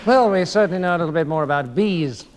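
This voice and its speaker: A man playing a TV interviewer in a live stage sketch, turning exasperated and fast. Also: on the high side, lively intonation, some chatter behind. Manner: mock TV presenter, gets exasperated and fast. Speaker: comic interviewer. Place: theatre stage. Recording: live theatre with audience noise.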